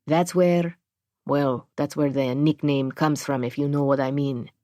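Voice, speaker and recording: A woman's voice: low voice, fairly even intonation, unhurried, warm tone, no echo. A woman voicing a cold, guarded male building superintendent who swears a lot, in a dry audiobook recording. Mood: gruff. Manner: profane, curt.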